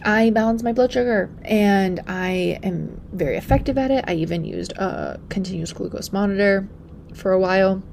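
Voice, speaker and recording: Chatty young woman with a gravelly edge. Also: mid-range voice, normal speed, slight background noise. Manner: chatty, often drops to a soft breathy near-whisper. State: pregnant. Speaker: podcast host and functional practitioner. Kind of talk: casual solo podcast talk.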